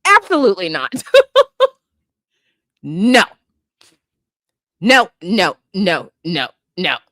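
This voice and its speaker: A woman with a lowish but bright, forceful voice whose pitch swings widely as she riffs. She delivers comedic pop-culture commentary in an incredulous, profane way, at an unhurried pace. The sound is dry and close. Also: no room sound. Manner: animated, incredulous, bursts of laughter, profane asides. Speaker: host.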